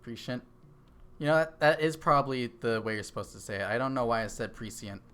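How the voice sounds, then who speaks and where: A man's voice: medium pitch, quick pace, a bit bright, clean tone. A man streaming a game, chatting casually, thinking aloud and answering his chat into a desk microphone. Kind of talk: casual live-stream chat while gaming.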